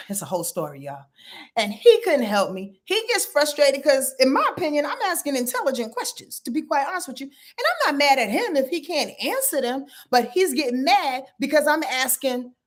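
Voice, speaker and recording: Blunt, animated woman chatting with viewers. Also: sits high, normal speed. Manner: blunt, animated storytelling with profanity and laughs. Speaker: astrologer and tarot reader. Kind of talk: casual livestream chat with viewers.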